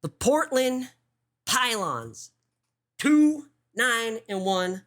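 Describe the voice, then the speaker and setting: A woman's voice: fairly high pitch, very animated, very slow. A woman hosting a livestream show, giving casual commentary, swearing often and restarting her sentences.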